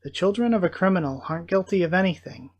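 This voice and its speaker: Border captain, male, steady and reassuring, read by a man, light pitch. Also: fast, dull audio.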